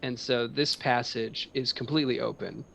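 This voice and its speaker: A man narrating as game master in a tabletop game, relaxed and laughing often, with many ums. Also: medium pitch, normal speed, gravelly, over a noisy crowd. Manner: relaxed, chuckling, filler-heavy.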